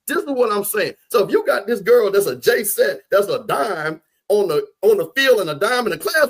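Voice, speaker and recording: Emphatic high-voiced man. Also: very animated, fairly quick, a bit bright. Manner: emphatic, preachy, repeats himself, drops into low asides. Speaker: podcast guest, HBCU football commentator. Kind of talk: animated sports talk.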